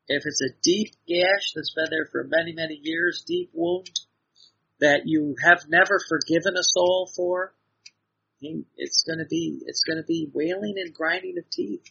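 A man's voice: a little high, expressive, unhurried, creaky, bright, forceful tone, husky. A man giving an earnest devotional sermon, exhorting his listeners with repeated phrases and frequent restarts, heard on a dull lo-fi recording. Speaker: preacher.

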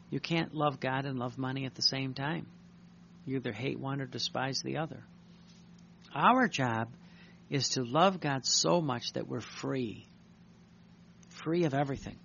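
A priest delivers an earnest, reflective sermon, his voice gravelly and rough at the edges. He often circles back and restarts his sentences. The recording is dull and lo-fi, with a faint hum of room ambience behind him. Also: mid-range voice, measured pace, long pauses, fairly bright tone.

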